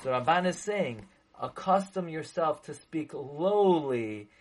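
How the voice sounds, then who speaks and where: Slow, animated, and a bit breathy, this man's voice sits on the high side, and the audio is poor. He's a Torah teacher lecturing on a religious text, repeating his point forcefully, asking rhetorical questions, and weaving Hebrew and Yiddish terms into his English.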